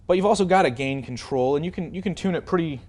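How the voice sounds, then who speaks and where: A man's voice: a little high, fast. A man giving a casual product demonstration of a guitar amplifier, explaining settings loosely with frequent fillers and hedges. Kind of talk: casual product demo walkthrough.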